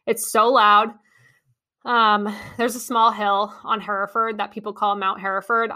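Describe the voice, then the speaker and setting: A young adult woman hosting a podcast, telling a story in a chatty, excitable way with many ums and likes. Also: mid-range voice, unhurried. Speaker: podcast host. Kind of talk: casual monologue recap.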